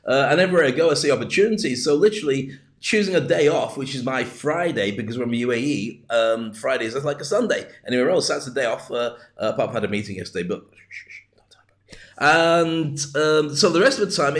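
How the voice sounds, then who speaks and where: A man hosting a casual live business show, talking in a chatty, rambling way with jokey asides. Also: fairly high pitch. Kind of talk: casual livestream monologue. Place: home in the UAE.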